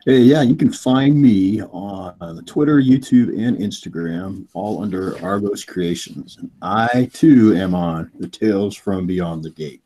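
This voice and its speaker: A man with a very deep voice speaks on an online panel. His tone is husky and dark as he plainly promotes his work. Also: measured pace, few pauses. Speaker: panel guest, artist. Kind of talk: casual livestream chat.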